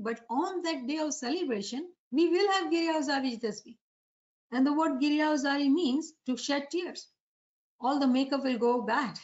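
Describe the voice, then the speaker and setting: Woman preacher, high voice, muffled recording. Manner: asks rhetorical questions to the audience. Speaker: religious preacher. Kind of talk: devotional sermon lecture.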